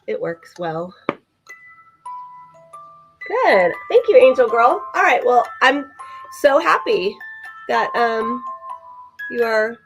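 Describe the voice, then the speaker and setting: A woman's voice: a little high, sing-song, slow pace, pauses often, faint music behind. A woman co-hosting a live vintage sale, chatting enthusiastically as she describes items. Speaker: vintage seller co-host.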